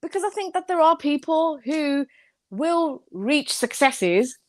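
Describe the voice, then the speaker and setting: A woman's voice: sits high, lively intonation, slow pace, dry recording. A woman on a live online panel, talking defensively and swearing freely. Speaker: panel guest.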